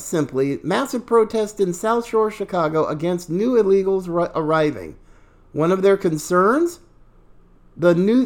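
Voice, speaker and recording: Brief: political podcast host, sarcastic and mocking, slow and highly animated in pitch. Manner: sarcastic, mocking, laughs between remarks. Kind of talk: opinion commentary podcast.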